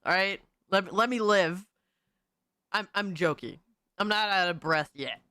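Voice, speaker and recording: Hyped, profane woman streamer, bright voice. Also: mid-range voice, no room sound. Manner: hyped, profane, rapid chat shout-outs. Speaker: live stream host. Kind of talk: casual live stream chat.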